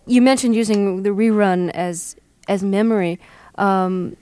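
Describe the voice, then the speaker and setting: Woman interviewer, measured questions. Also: medium pitch, warm tone, smooth, no room sound. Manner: measured, carefully phrased questions.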